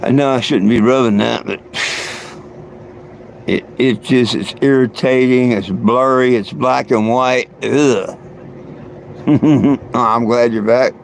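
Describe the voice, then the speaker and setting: Slow, gravelly-voiced man rambling on a livestream. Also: mid-range voice, a little hiss or hum. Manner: loose and meandering, many fillers and restarts, chuckles often. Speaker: livestream host. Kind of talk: rambling casual livestream chat.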